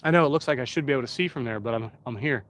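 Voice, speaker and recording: This Pennsylvania man talks very fast on his live stream, his mid-range voice a bit bright. Rambling and chatty, he addresses the chat directly in casual conversation.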